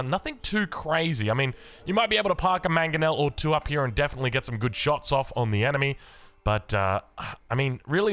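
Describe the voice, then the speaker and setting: An Australian man commentates a strategy game with upbeat, chatty energy. His voice is bright and forceful, with a slight early-morning roughness. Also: medium pitch. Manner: upbeat, chatty, with casual fillers. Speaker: game caster. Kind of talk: esports play-by-play commentary.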